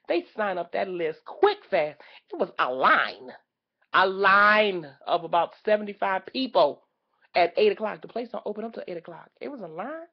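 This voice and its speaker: Sassy woman ranting, lively pitch. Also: lo-fi sound. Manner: sassy, exaggerated and loudly exasperated. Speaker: vlogger reviewing a karaoke night. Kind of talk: comedic rant.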